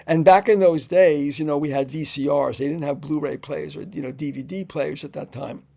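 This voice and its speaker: A man, a screenwriter being interviewed, tells stories in a halting way, with many fillers, and acts out the quotes. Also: a little high, fairly even intonation, creaky, darkish tone. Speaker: screenwriter guest. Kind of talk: anecdotal interview storytelling.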